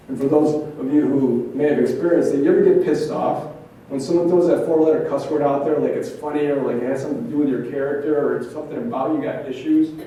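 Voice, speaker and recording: A man's voice: fairly high pitch, mellow, a little hiss or hum. A man, a trauma therapist at an event, performing a dramatic spoken-word monologue full of intense rhetorical questions and repetition. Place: event venue, indoors. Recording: echoey room, mic from far off.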